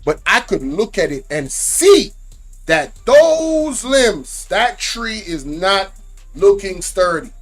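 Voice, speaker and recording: A man's voice: high-pitched, animated, slow pace, a bit bright, soft background music. A man giving casual commentary to camera, emphatic and repetitive, often checking in with "right?". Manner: emphatic, repeats points, asks "right?". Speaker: reaction channel host.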